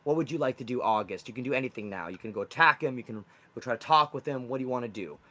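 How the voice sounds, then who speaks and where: A man's voice: medium pitch, very fast, bright, forceful tone. A young man running a tabletop game as game master, explaining loosely and rambling with fillers.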